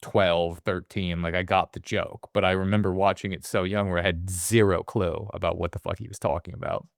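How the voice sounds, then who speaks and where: A man co-hosting a casual movie podcast, animated, swearing freely and acting out quotes in little voices. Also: low-pitched, brisk, creaky, dry recording, clean studio sound. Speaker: podcast co-host.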